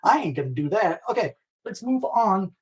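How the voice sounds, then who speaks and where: A man hosting a live baking stream, chatting playfully with viewers, trailing off and restarting, with sudden high squeals. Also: big pitch swings, normal speed, husky, rough recording. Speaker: baking show host.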